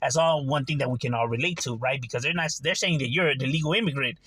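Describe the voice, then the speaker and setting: A man's voice: mid-range voice, fast, hardly any pauses, fairly bright tone, husky, dry recording. A man talking casually to his channel, full of slang and "you know" fillers. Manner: streetwise slang, frequent "you know" and "right". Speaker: channel host. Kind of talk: casual monologue to camera.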